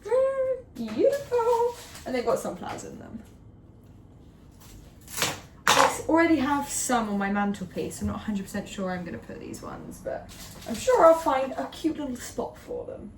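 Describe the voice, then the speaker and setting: A woman's voice: a little high, animated, normal speed. A young woman, chatting casually to her camera in a rambling vlog, full of ums and little laughs. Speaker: vlogger. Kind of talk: casual chat. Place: home. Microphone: handheld camera.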